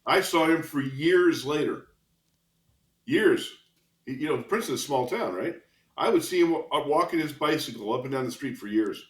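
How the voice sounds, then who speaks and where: A man's voice: a little high, moderate pace. A man in his sixties, a retired police officer, telling vivid stories as a guest in a podcast interview, chuckling as he goes. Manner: lively anecdotal storyteller, chuckles between lines. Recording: roomy echo.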